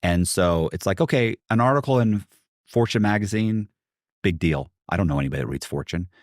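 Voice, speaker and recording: Deep-voiced man telling a story. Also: lively intonation, fairly quick, no room sound, studio quality. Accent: American. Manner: rambling, many restarts and asides. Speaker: podcast guest. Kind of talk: casual storytelling.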